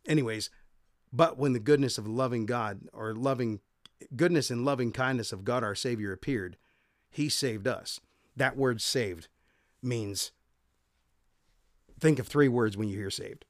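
A man's voice: medium pitch, a little slow, pauses often, dry recording, clean studio sound. A man hosting a devotional podcast, reading Bible passages aloud and explaining them in a casual, conversational way with frequent self-corrections. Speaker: podcast host and Bible teacher.

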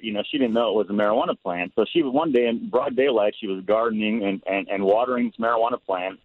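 A man calling in to a radio show, telling a family story in a rambling way, full of restarts. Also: medium pitch. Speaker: caller. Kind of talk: animated phone-in storytelling. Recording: tinny phone line.

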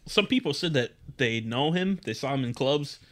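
A man's voice: mid-range voice, lively intonation, moderate pace. Man swapping profane gossip on a podcast. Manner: profane, brings up news and gossip. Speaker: podcast co-host. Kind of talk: casual chat.

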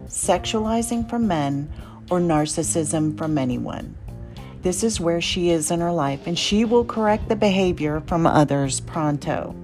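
Woman narrator, slow scripted podcast intro, a bit low-pitched, soft music under. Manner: measured, read-aloud delivery. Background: faint music.

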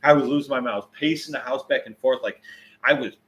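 A man in his forties chatting casually on a livestream, answering viewers, rambling and swearing freely, getting loud when he tells a story. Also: medium pitch, fast.

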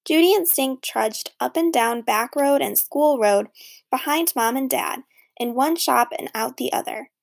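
A woman narrating a children's storybook in a lively, expressive reading. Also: sits high, measured pace, gravelly. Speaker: audiobook narrator.

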